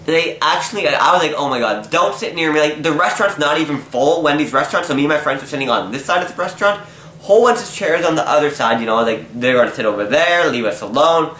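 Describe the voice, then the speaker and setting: Young man, bright voice, exasperated storyteller in an echoey room. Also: fairly high pitch, quick pace. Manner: animated, exasperated, acts out quotes. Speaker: vlogger. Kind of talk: casual storytelling vlog. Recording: echoey room, faint noise.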